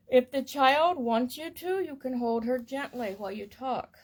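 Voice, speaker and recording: A woman reading a parenting course book aloud in a gentle, measured and soothing way. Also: sits high. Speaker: reader of a parenting course text.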